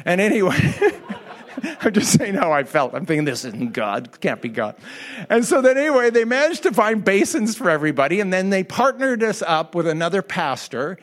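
Animated pastor with a higher voice. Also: male voice, normal speed. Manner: animated storyteller, laughs often. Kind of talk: sermon with humorous personal story. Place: church hall before an audience.

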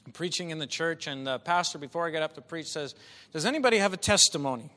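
A male preacher delivering an impassioned sermon, swinging from quiet talk to shouting. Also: on the high side, lively intonation, fast. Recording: long hall reverb.

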